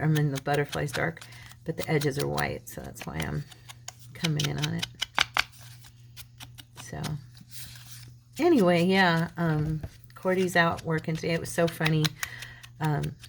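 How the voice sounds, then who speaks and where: Low-voiced woman chatting while crafting. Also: vocal fry, background noise. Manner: rambling, chatty storytelling with many restarts. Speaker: crafting channel host. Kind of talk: casual chat while crafting.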